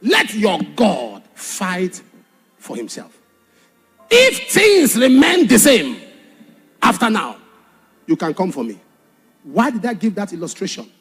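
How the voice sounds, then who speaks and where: Brief: high-pitched male preacher, impassioned, husky, over soft background music. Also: wildly swooping pitch, takes it slowly, long pauses. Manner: impassioned, shifts from shouted warnings to hushed storytelling. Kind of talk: sermon.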